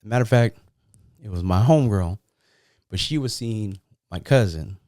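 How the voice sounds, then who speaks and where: Low, mellow-voiced man swapping street stories. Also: expressive, normal speed, dry recording, studio quality. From San Jose, California. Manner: rambling, profane, streetwise. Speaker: podcast host. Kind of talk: casual storytelling.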